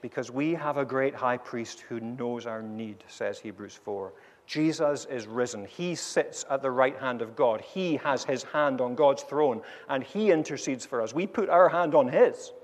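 A male pastor delivering a sermon, earnest and measured, his volume rising and falling as he preaches and then leads in prayer. His voice sits at an ordinary middle pitch. It rings out with a long reverb, as if recorded in a large church hall.

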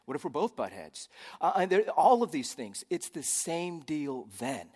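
A man's voice: a little high, big pitch swings, moderate pace, darkish tone, husky, big-room sound. A man pastor preaching a sermon in a conversational way, with joking asides.

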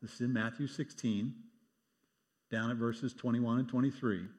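A man's voice: medium pitch, steady tone, moderate pace, a little mellow, big-room sound. A man preaching a sermon, reading scripture aloud and acting out the quoted lines with wry asides, in a church sanctuary. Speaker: pastor.

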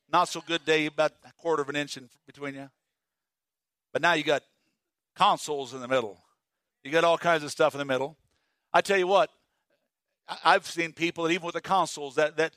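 A man preaching a sermon as pastor, animated and folksy, swinging from loud emphasis to hushed asides and telling homespun stories. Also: on the high side, no echo, studio quality. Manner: folksy storytelling with humor.

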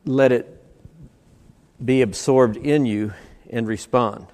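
A man's voice: mid-range voice, fairly even intonation, slow pace, a little mellow. Man preaching in a reverberant hall. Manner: emphatic, stacks repeated phrases to build up. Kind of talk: sermon. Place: church service.

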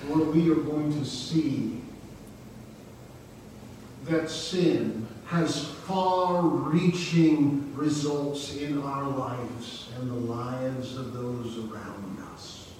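A man preaching a sermon through a face mask, slow, deliberate and emphatic, stretching his key words. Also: mid-range voice, a little mellow. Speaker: pastor. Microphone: speaking through a face mask. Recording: echoey hall, distant mic, hiss.

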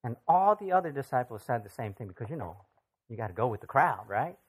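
A preacher delivering a sermon with a lively, rising-and-falling voice. The talk is conversational, with frequent direct questions thrown out to the audience. The pitch sits in a middle register. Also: fast, slightly rough. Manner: conversational, acts out scripture voices.

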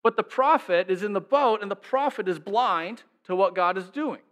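A man's voice: sits high, animated, normal speed, a bit bright. A male pastor preaching a sermon in a conversational way, asking the congregation many rhetorical questions.

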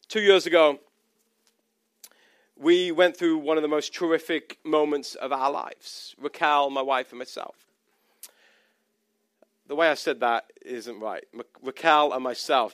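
A man's voice: sits high, a bit bright, no echo, studio quality. A pastor in his thirties preaching a personal, conversational sermon, often restarting his sentences.

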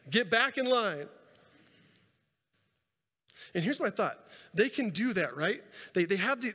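A man preaching a sermon and telling a scripture story with animated delivery, swinging between loud and soft and repeating words as he goes. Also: sits high. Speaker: pastor. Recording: reverberant hall sound.

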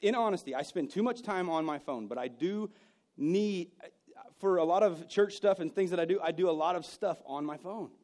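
A man preaching a sermon, telling personal stories and moving between loud bursts and hushed moments. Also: high-pitched, normal speed. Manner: storytelling, swings from loud to hushed. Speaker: pastor.

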